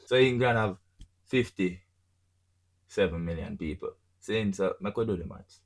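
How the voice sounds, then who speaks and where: A man's voice: deep voice, measured pace, vocal fry. A man with a Jamaican accent from Jamaica, hosting a podcast in casual chat, blunt and swearing freely, often checking "you see me?". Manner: keeps asking "you see me I say?". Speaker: podcast host.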